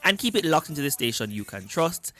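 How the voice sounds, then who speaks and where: A young man hosts a youth radio show from the studio. His voice is bright and rather high, with a lively, swooping delivery. He greets listeners again and again with plenty of energy. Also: brisk. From Jamaica. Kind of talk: upbeat radio show presenting.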